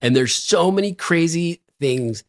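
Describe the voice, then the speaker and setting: A middle-aged man co-hosting a podcast, telling stories in an animated way and laughing often. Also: fairly high pitch, unhurried, no room sound, studio quality. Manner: animated storyteller, laughs a lot. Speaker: podcast co-host. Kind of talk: casual podcast chat.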